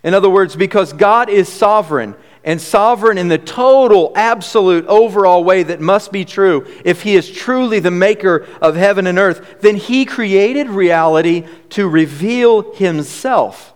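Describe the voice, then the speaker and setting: A man with a fairly high voice preaches a sermon, earnest and animated, leaning on key words and restarting phrases as he goes. His voice rings out with a long reverb, as in a large hall or sanctuary. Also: measured pace, hardly any pauses. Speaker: pastor.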